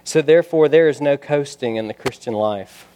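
A male pastor preaching a sermon, building to loud emphatic passages and dropping to quiet, pointed asides. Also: medium pitch, moderate pace, a little hiss or hum.

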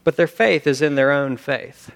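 A male pastor preaching a sermon, animated, acting out the quoted lines with sudden shifts between loud and soft. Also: fairly high pitch, normal speed, creaky. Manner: animated, acts out quotes, sings hymn lines.

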